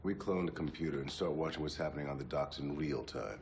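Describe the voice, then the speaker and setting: An actor playing a police detective who explains a surveillance plan matter-of-factly. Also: male voice, very deep voice, quick pace, vocal fry, a little hiss or hum.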